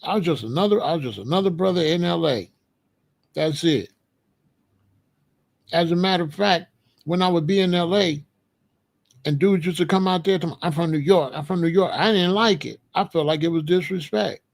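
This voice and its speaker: A man's voice: high-pitched, moderate pace, gravelly, long pauses. A man giving a blunt, streetwise commentary monologue, repeating his points. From Chicago. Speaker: commentary host.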